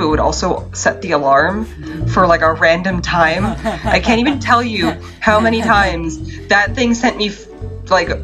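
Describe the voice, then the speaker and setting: A woman's voice: lowish voice, poor audio. A young woman co-hosting a podcast, chatting casually, laughing often and swearing freely. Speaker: podcast co-host.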